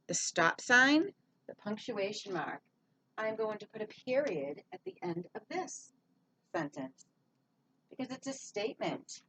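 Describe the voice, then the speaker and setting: A woman teaching an early-grade reading lesson in a slow, sing-song voice, speaking to young children. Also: on the high side, fairly bright tone, slight background noise.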